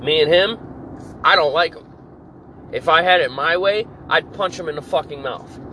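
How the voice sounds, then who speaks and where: Angry man, high-pitched, profane venting monologue, faint street noise underneath. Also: moderate pace, bright, forceful tone, rough recording. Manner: profane, furious ranting. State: irritated. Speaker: podcast host. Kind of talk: angry work rant monologue.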